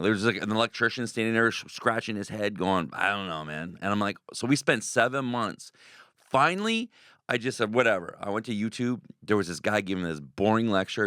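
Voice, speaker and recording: Man, low voice, lively storytelling interview, dry close mic. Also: clean tone, dry recording. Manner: excitable, acts out quoted voices. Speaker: haunted house owner. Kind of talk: animated radio interview storytelling.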